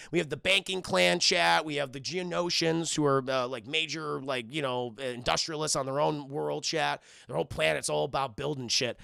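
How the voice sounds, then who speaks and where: A young man casually recapping a film scene by scene for his stream chat, rambling, swearing and acting out lines in quick character voices. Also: a little high, vocal fry, a bit bright, clear, resonant tone, no echo, studio quality.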